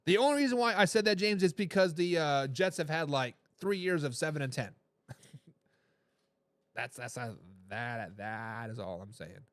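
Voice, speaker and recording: A man's voice: a little high, very animated, normal speed, dry recording. A man hosting a sports talk show, emphatic and repeating phrases to drive his points home. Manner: reads viewer comments aloud with a laugh.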